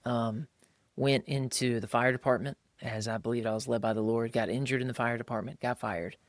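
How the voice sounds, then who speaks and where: Animated man in dry, close podcast sound. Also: mid-range voice, brisk, no room sound. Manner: animated, mimics other people's voices when quoting them; colloquial, calls listeners "bro". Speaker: podcast co-host. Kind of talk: casual conversational podcast.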